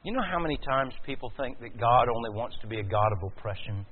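A male preacher delivering a sermon, swinging from quiet, slow passages to loud, rising emphasis. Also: mid-range voice, expressive, breathy edge. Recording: tinny phone-like sound.

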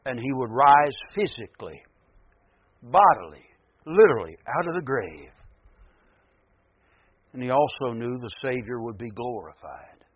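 A man preaching a sermon, building to loud emphatic peaks and then dropping low again. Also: very animated, measured pace, long pauses, breathy edge, no echo, phone-quality sound.

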